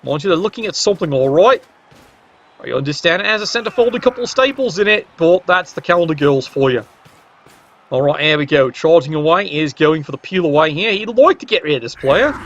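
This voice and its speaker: A man's voice: a little high, animated, fairly quick, fairly bright tone. A man giving play-by-play commentary on a match, with dry joking asides. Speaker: game commentator. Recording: dull lo-fi recording.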